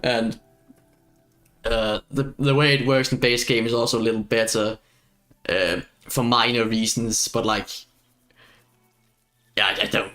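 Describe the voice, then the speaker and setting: A man's voice: mid-range voice, fairly even intonation, unhurried, pauses often, sharp tone, faint music behind. A man streaming a video game, chatting casually as he plays, rambling and self-mocking and laughing often. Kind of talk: casual gameplay chat.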